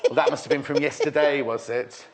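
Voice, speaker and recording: A man from Merseyside presents a live shopping show, his voice a little high and a little fast with fairly even intonation, over slight background noise. Gushing and repetitive, he keeps up teasing banter with his guest while selling.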